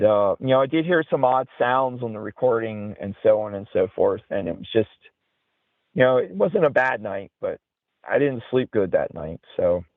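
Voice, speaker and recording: A man's voice: fairly low pitch, no room sound. A man telling a story as an interview guest, rambling along with lots of "you know". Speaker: guest, outdoorsman and paranormal investigator. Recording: tinny phone-like line.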